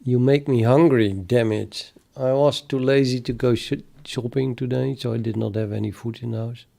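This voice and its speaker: A man thinking aloud while he codes live, chatting with viewers in a halting, muttering way that trails off mid-sentence. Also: medium pitch, steady tone, gravelly, warm tone. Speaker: programmer streaming live development.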